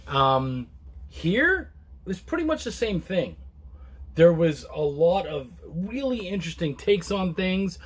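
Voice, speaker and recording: A man reviewing a comic book in a casual, relaxed chat to camera, rambling with many restarts and fillers. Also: unhurried, husky. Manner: relaxed and low-key.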